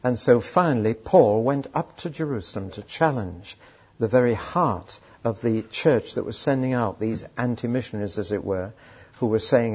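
A man's voice: medium pitch, moderate pace, breathy edge. An older man preaching a sermon, telling stories and asking emphatic rhetorical questions. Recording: dull lo-fi sermon recording.

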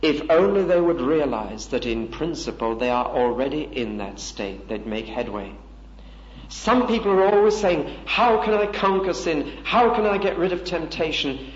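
A man's voice: on the high side, slight background noise. A man delivering a sermon, earnest and emphatic. He asks the listeners rhetorical questions. The recording is dull and lo-fi, with a roomy echo. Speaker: preacher.

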